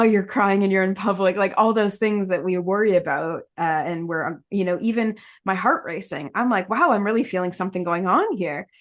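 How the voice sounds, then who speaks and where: A woman talking candidly in a podcast conversation, rambling with fillers and restarts and laughing often mid-sentence. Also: medium pitch.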